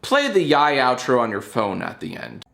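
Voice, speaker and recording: A man's voice: medium pitch, huge pitch swings, moderate pace, creaky, a bit bright. Rambling playful man hosting a show. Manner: rambling, playful, explains with repeated "all right?". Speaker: YouTube show host. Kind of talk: casual talk to camera.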